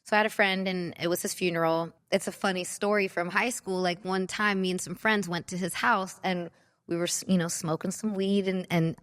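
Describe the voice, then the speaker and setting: A woman's voice: lowish voice, steady tone, fairly quick, a bit bright. A woman from California's San Fernando Valley hosting a casual chat, telling stories in a bubbly way with constant "like"s and acted-out voices. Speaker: podcast host.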